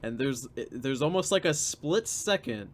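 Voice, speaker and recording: A man's voice: mid-range voice, lively intonation, a little slow. A man hosting a reaction commentary, sardonic and drawing out his points. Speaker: commentary host.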